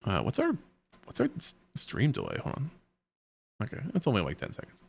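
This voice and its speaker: A man's voice: medium pitch, huge pitch swings, a little fast, gravelly. A man streaming a video game, chatting casually and joking with his viewers. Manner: chatty and joking, reads game text aloud. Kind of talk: casual let's-play chat.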